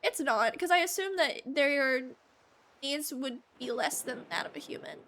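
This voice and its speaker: A woman's voice: high voice, animated, measured pace, a bit bright, slight background noise. A woman streaming a game live, chatting casually with viewers in a rambling, giggly way.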